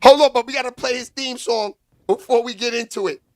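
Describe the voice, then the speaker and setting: High-pitched excitable man hosting a vlog. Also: a little fast, a little hiss or hum. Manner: loud, excitable, slangy trash talk. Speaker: host. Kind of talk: casual commentary vlog.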